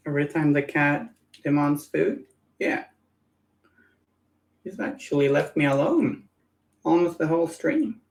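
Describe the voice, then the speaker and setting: A woman's voice: low voice, lively intonation, measured pace, vocal fry, long pauses, darkish tone, rough recording. A woman hosting a miniature-painting livestream, chatting casually and muttering jokes to herself as she works at her hobby desk at home. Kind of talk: casual chat while working.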